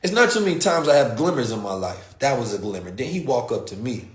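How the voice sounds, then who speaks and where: A man's voice: medium pitch, quick pace. An American man hosting a casual show, telling a story in loose, slangy talk. He jumps into the voices of the people he describes, and his middling voice rings in a roomy space. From United States. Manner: animated, slangy, acts out quoted voices. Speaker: podcast host. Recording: roomy echo.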